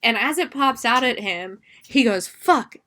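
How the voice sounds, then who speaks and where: A woman's voice: on the high side, moderate pace, pushed and bright. A woman hosting a podcast, recapping a movie in a casual, rambling way and swearing freely. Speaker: podcast host.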